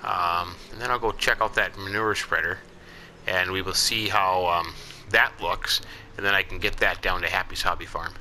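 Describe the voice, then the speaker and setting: A man's voice: low voice, fairly even intonation, moderate pace, pushed and bright, a little hiss or hum, low-quality recording. A man casually narrating his farming game in a folksy, rambling way, with chuckling asides. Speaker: let's play host.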